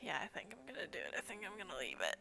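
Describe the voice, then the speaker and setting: A woman streaming while she sculpts doll hair, talking quietly and often half-whispering as she thinks aloud at home at night. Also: lowish voice, huge pitch swings, very fast, vocal fry, music in the background. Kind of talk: quiet casual stream commentary.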